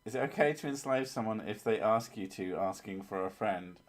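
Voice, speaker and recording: A man's voice: on the low side, fairly quick. Crude, laughing man. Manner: crude, swearing banter with frequent laughter. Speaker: streamer, host of a horror story channel. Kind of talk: casual chat with live stream chat.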